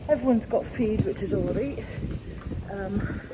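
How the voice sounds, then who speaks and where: A woman's voice: mid-range voice, measured pace. Farm girl vlogging into her phone outside, loads of ums, wind and noise behind. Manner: chatty, lots of ums, talks while doing chores. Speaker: sheep farmer vlogger. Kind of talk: casual farm vlog chat. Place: outdoors on a farm.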